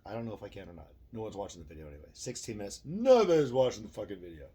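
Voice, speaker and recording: A man's voice: fairly low pitch, sing-song, rapid-fire, mellow, husky. A middle-aged man vlogging a rambling, profane opinion monologue with self-deprecating asides.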